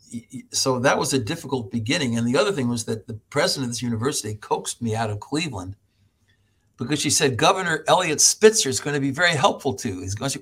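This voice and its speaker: With a medium-pitched, slightly rough voice, a middle-aged American professor tells animated stories as a podcast interview guest. He laughs a lot and does impressions of the people in his tales.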